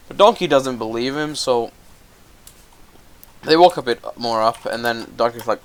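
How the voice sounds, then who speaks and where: While gaming, a young man retells a film plot offhandedly, swearing constantly and stumbling over fillers. His medium-pitched voice is expressive and brisk.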